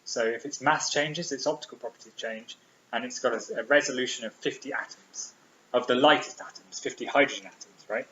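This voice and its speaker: A British man delivers a public physics lecture in a lecture hall, his medium-pitched voice fairly quick and sharp, with a little hiss or hum. He's eager and full of ums and restarts, and the recording sounds roomy and slightly dull.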